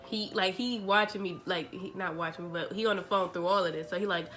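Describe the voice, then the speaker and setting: A young woman, telling a story to her vlog audience in a chatty, animated way, acting out the dialogue. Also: lowish voice, fast, soft background music. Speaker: vlogger. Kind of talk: casual storytelling.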